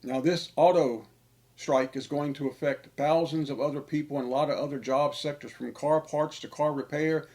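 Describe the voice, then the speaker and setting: A man's voice: on the high side, fairly even intonation, normal speed, a little mellow. A man, an online preacher delivering a sermon-style monologue, emphatic and repetitive for stress.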